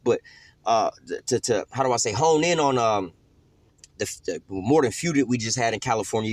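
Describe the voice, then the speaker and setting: A man's voice: medium pitch, dry recording. A young man, giving a loose, rambling scripture teaching full of slang and cursing. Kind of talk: informal sermon.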